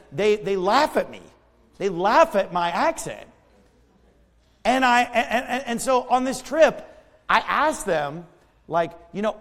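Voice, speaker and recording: A man's voice: high-pitched, fairly bright tone, big-room sound. An American man preaching a sermon, emphatic and conversational, with asides and repeated words. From United States. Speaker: pastor.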